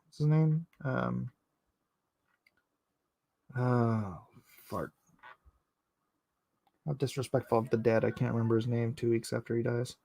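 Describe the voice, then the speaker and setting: A man's voice: mid-range voice, steady tone, a little slow, vocal fry, long pauses, warm tone. A man chatting casually with his viewers while he inks a drawing live, rambling and joking as he answers the chat. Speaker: artist streaming live while inking.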